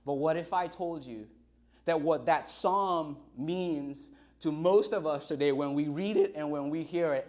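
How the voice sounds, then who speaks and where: This livestreamed sermon comes from a middle-aged pastor from Nigeria, whose accent and fairly high voice carry it. His delivery is lively storytelling, with words stretched out to drive points home.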